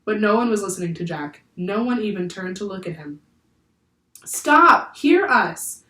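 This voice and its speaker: A woman's voice: mid-range voice, fast talker. Woman reading a children's book aloud. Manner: clear, steady storytelling. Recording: echoey room, far from the mic.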